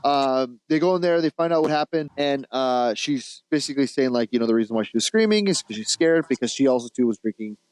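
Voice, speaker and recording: A man's voice: medium pitch, animated, quick pace, hardly any pauses, a little mellow, clean tone, no echo, rough recording. A man co-hosting a podcast, casually retelling a movie plot in a rambling, laughing way, with restarts and the odd swear. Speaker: podcast co-host.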